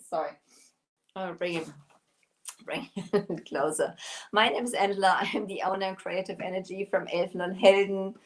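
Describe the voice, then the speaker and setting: A woman's voice: medium pitch, steady tone, normal speed, long pauses. A woman with a German accent hosting a casual live stream about her craft shop, chatty and laughing often as she reads viewer comments. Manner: giggly, laughs often while talking.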